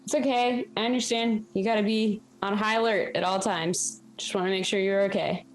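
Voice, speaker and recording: Woman playing an on-guard adventurer lady, reassuring, kinda awkward, quick. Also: mid-range voice, steady tone, soft background music, pitched above the performer's own voice, lightly acted, poor audio. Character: ever-alert young woman adventurer, reassuring.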